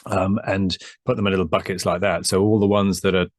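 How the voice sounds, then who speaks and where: A man's voice: deep voice, flat delivery, fairly quick, no room sound, studio quality. A man co-hosting a business advice discussion, speaking conversationally and prompting with questions. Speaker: business advisor and co-host.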